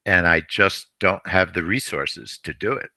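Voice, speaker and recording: A man hosting a live trading stream, talking traders through a trade in a rambling way, repeating himself and often clearing his throat. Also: low voice, a little slow, bright, forceful tone, no room sound.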